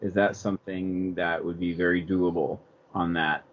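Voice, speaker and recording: A man's voice: low voice, level tone, moderate pace, lo-fi sound. A man from a fan outlet asking hesitant, filler-heavy questions on a video call. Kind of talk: casual roundtable Q&A.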